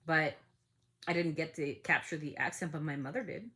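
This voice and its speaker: A woman's voice: low voice, normal speed, a bit bright. A woman hosting a family podcast, talking in a heated, outspoken way and swearing freely. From United States. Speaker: podcast host. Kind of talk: casual opinion talk.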